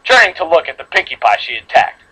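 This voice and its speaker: A man's voice: fairly high pitch, very animated, fast talker, bright, forceful tone, husky, rough recording. A man reading a horror fan story aloud to friends, dramatic, with slips and re-reads. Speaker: story reader.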